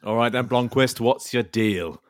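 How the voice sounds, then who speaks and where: A man's voice: mid-range voice, measured pace, dry recording, clean studio sound. A man co-hosting a comedy podcast with wry, chuckling remarks. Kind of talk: casual comedy chat.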